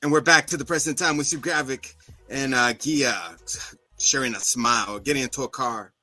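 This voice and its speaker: Bright-voiced man recapping a show. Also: medium pitch, normal speed, faint music behind. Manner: animated retelling, acting out characters' lines. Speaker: podcast co-host. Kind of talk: casual recap chat.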